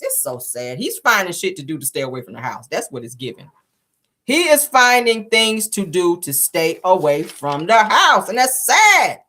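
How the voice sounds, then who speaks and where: Sassy woman with a lively voice. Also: medium pitch. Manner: sassy, animated, laughing. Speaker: host reviewing a reality show. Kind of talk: casual commentary.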